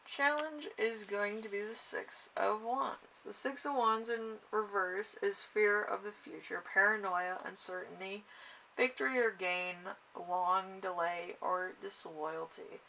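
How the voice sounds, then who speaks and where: A woman giving a casual tarot reading, halting with fillers and small laughs. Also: mid-range voice, vocal fry, pushed and bright, a little hiss or hum. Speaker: tarot reader.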